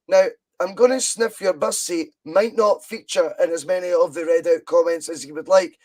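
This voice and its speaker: A Scottish man in his thirties with a high voice rattles on in a casual podcast, excitable and sweary. He drifts from point to point over a video call. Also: moderate pace, low-quality recording. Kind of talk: casual football podcast chat.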